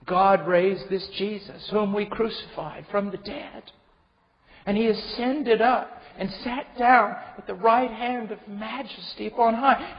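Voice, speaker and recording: A man preaching a sermon with passion, swinging from hushed tones to shouting. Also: high voice, slow. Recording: dull recording with long hall reverb.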